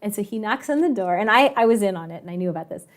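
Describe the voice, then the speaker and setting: A woman teacher telling a lively story to her online class, chatty and animated, with frequent laughing asides, over a video call. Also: mid-range voice, very fast. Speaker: math and science teacher.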